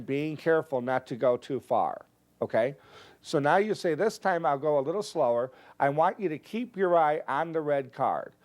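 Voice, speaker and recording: A man teaching a card trick, calmly explaining each move step by step and acting out his stage patter. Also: medium pitch. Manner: relaxed, explanatory, steps through moves one by one. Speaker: magic teacher. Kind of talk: instructional explanation with performed patter.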